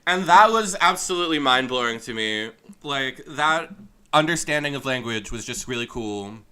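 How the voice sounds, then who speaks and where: A man's voice: mid-range voice, animated, normal speed, bright, forceful tone, clean tone. A young man streaming a game playthrough, chatting and rambling between lines and reading the characters' dialogue aloud. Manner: rambling, chatty, laughs often, voices characters loosely. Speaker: let's play streamer.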